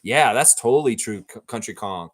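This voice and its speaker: A man's voice: fairly low pitch, normal speed, breathy edge. Opinionated man reacting live to a game. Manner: opinionated, excitable, rooting aloud for his team. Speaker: livestream watchalong host.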